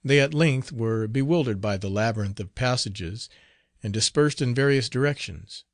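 A man narrating a classic novel in a measured, formal storytelling manner. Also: mid-range voice, dry recording, clean studio sound. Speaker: audiobook narrator.

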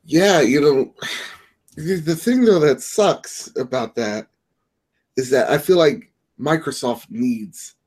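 A man's voice: on the high side, lively intonation, slow pace, darkish tone, slightly rough. Rambling male podcast co-host. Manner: rambling, lots of filler and restarts, opinionated. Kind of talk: casual chat.

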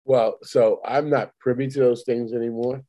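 A man's voice: medium pitch, fairly even intonation, normal speed, warm tone. A man in casual chat, blunt and profane, speaking matter-of-factly. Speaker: podcast co-host.

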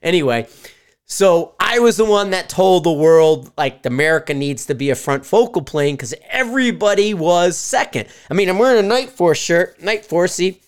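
A man hosting a podcast, talking in a casual, rambling monologue full of swearing and animated storytelling. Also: sits high, moderate pace, few pauses, smooth. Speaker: podcast host. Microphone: live stream mic.

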